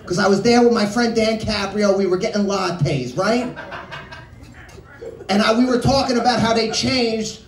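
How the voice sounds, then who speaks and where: A man's voice: high-pitched, normal speed, a little hiss or hum. A man doing a profane, absurd stand-up set in a small bar, jumping between tangents. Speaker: stand-up comedian. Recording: echoey bar room, distant mic.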